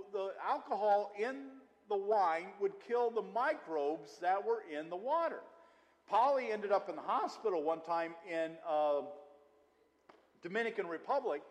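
A male pastor preaching a conversational sermon, mixing scripture with personal stories. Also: sits high. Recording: long hall reverb.

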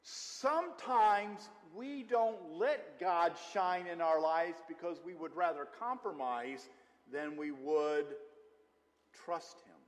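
A man's voice: on the high side, takes it slowly. A male pastor preaching a conversational sermon, mixing scripture with personal stories. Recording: long hall reverb.

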